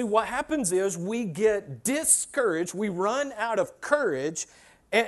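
High-voiced man preaching a sermon. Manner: conversational preaching, repeats key phrases, acts out everyday voices. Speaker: pastor. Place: church sanctuary with a congregation.

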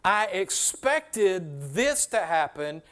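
A man with a high voice delivers a sermon in a church sanctuary. He keeps it conversational and repeats his key phrases for emphasis. He slips into everyday voices to act out what people say. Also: sing-song, extremely slow, a bit bright. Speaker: pastor.

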